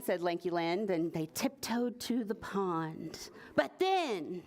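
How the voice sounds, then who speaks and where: Animated, slow story-time reader woman. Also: on the low side. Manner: animated, asks children questions. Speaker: librarian. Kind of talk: preschool story time reading. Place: library story room.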